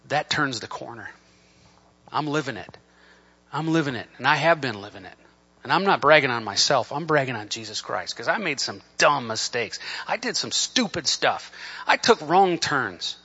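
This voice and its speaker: A man preaching a sermon from the pulpit, swinging between emphatic, near-shouted scripture and quiet, conversational asides. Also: medium pitch, very animated, moderate pace, slightly rough. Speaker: pastor. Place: church sanctuary. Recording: dull lo-fi church recording.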